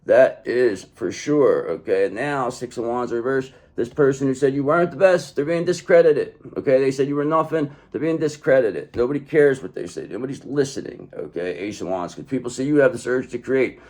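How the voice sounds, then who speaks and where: A man reads tarot cards aloud straight to the listener, in a middle-pitched voice. He talks in short, emphatic bursts. He checks in with "okay?" after nearly every point. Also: fairly quick, few pauses, darkish tone. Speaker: tarot reader. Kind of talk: tarot reading to the viewer.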